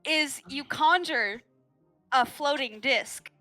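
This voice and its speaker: Woman game master, high and bright, loose and giggly narration. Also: takes it slowly, soft background music. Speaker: dungeon master.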